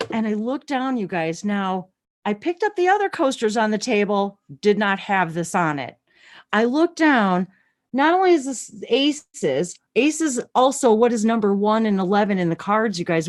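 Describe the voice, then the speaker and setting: A woman in her sixties, co-hosting a live stream, tells a story in a bubbly, breathless way, laughing often and squealing when thrilled. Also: medium pitch. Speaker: co-host of a live channeling broadcast. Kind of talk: excited storytelling chat. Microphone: webcam on a video stream.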